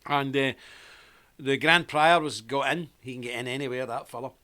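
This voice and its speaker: A man's voice: medium pitch, normal speed, pushed and bright. A man hosting a live stream, telling a rambling anecdote and greeting viewers by name in a casual, chatty way.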